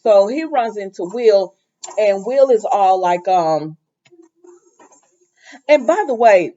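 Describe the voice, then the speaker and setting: A woman chats her way through a recap of a soap opera episode, tossing in sassy asides as she goes. Her voice sits at a middle pitch. The recording is a little muffled and lo-fi. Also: takes it slowly. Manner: sassy, chatty retelling with lively asides.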